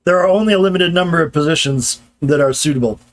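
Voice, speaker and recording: A man giving a casual grammar lecture, explaining step by step and tagging his points with "right?" as his voice drops low. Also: quick pace. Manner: loose explanatory talk, tags points with "right?" and trails lower.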